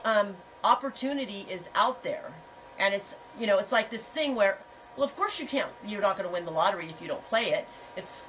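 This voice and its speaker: A woman's voice: mid-range voice, fairly bright tone, far from the mic, slight background noise, rough recording. A middle-aged woman hosting a casual livestream chat, talking in a frank, rambling way and telling stories with animation. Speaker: host.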